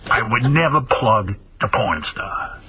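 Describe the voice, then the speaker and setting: A man's voice: medium pitch, lively intonation, unhurried, breathy edge. A man on a radio show putting on a melodramatic, lovestruck girlfriend with an exaggerated accent. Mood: gushing. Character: lovestruck girlfriend, brassy and over-the-top. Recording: dull lo-fi radio audio with noise.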